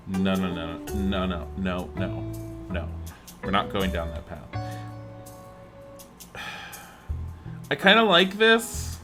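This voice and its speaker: A man's voice: deep voice, lively intonation, slow pace, pauses often, music in the background. A man streaming a building game live, chatting and thinking aloud to viewers and laughing often. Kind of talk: live-streamed gameplay chat.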